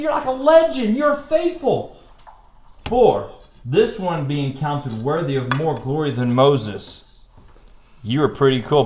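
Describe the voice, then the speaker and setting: A man teaching a playful children's Bible class, excited and goofy, laughing often. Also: on the high side, reverberant. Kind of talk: playful kids' Bible lesson. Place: church classroom.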